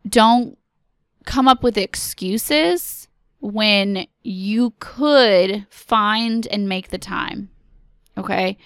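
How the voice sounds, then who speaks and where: Slow, earnest mom podcast host. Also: female voice, mid-range voice, dry recording. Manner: earnest, pep-talk, direct address to listeners. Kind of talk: casual encouraging podcast talk.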